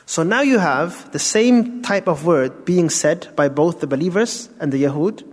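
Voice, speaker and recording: A man's voice: fairly high pitch, animated, unhurried. A man giving a Quran tafsir lesson, explaining step by step, asking rhetorical questions and mixing in Arabic terms. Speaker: Islamic teacher. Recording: long hall reverb.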